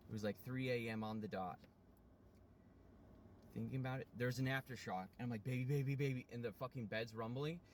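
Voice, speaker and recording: Man vlogger, mid-pitch, casual storyteller who swears a lot and keeps circling back, with a faint hum of a vehicle in the background. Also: a little fast, long pauses. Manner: rambling, profane, many restarts and fillers. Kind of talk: rambling personal storytelling.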